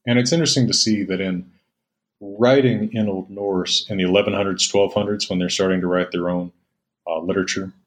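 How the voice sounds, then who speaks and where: A man's voice: low voice, steady tone, a little fast. A middle-aged man, a scholar and interview guest, explaining at length in a patient lecturing way with frequent ums. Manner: lecturing, patient, with many fillers. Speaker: Old Norse scholar, guest.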